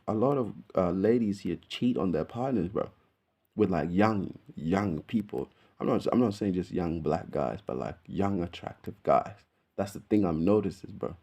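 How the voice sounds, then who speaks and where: Casting: young man, low and mellow, loose rambling vlog chat. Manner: rambling, keeps saying "bro". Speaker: vlogger. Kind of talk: casual chat to camera.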